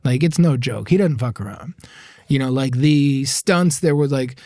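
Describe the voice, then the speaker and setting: A man's voice: mid-range voice, normal speed, dry recording, studio quality. A man, a guest on a podcast, telling a story in a loose casual way, acting out the dialogue and laughing often. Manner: animated, acts out quoted dialogue, laughs often.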